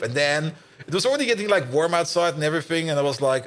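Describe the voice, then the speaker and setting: A man's voice: fairly high pitch, expressive, fast, a bit bright. A tired man streaming a factory-building game, chatting and rambling as he plays, with frequent laughs and casual swearing. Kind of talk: casual gameplay commentary.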